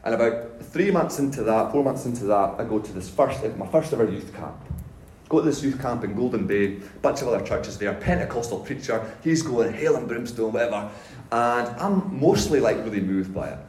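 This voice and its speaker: A man's voice: mid-range voice, a little fast, a little hiss or hum. Male pastor, storytelling sermon, casual and self-deprecating; roomy church-hall echo. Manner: animated, self-mocking, casual slang. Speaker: pastor giving a testimony.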